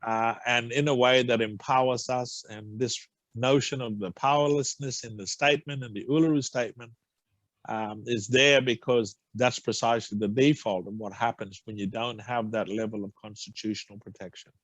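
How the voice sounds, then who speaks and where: A man's voice: mid-range voice, steady tone, moderate pace, fairly bright tone, no room sound. Earnest man on a video call. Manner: earnest, repeats phrases for emphasis. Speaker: guest speaker. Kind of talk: forum talk.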